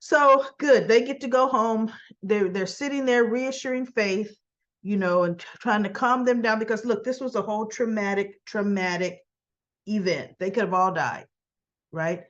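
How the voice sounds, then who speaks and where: A woman's voice: medium pitch, moderate pace, dull audio. A woman hosting a casual recap, retelling scenes in a chatty way with quoted lines and her own asides. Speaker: soap opera recap host.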